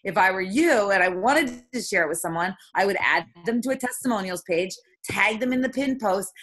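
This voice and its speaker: A woman leading a motivational team call, talking in an emphatic, heated way with quick rhetorical questions. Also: medium pitch, expressive, fairly bright tone. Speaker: team leader coaching her sales team.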